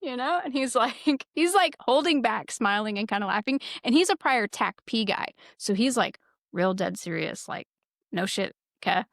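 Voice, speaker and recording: A woman podcast host telling a casual story with lots of swearing, lively and laughing as she goes. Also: a little high, moderate pace, creaky, no echo, clean studio sound. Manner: profane, lively, laughs while telling stories. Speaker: former military security forces sergeant.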